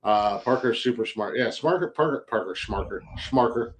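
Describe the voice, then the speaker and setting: A man's voice: medium pitch, animated, moderate pace. A man co-hosting a podcast in casual chat, talking bluntly and joking, on a close mic. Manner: blunt, joking, reads listener messages aloud. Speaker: podcast co-host.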